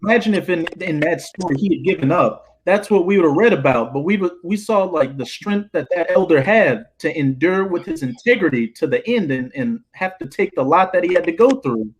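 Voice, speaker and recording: Male group member, husky voice, slightly high, earnest storyteller. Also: expressive, a little fast, few pauses, poor audio. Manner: earnest, tells a film scene as an example. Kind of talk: casual discussion.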